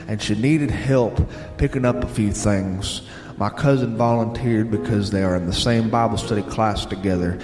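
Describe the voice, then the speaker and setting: A man with a Southern American accent, a radio host reading listener letters aloud in an unhurried storytelling way. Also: medium pitch. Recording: roomy sound with long reverb and bluegrass music behind.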